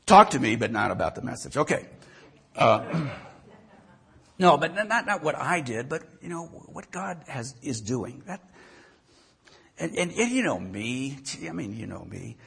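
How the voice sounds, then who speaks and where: Gravelly, husky preacher man. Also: medium pitch, measured pace, pauses often. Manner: storytelling, animated, repeats words. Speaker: pastor. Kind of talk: sermon.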